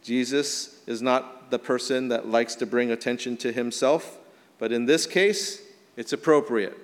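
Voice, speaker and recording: A male pastor preaching a sermon, swinging from emphatic rises to soft, quiet drops. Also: mid-range voice, unhurried, big-room sound. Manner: earnest preaching, rising emphatic then dropping soft.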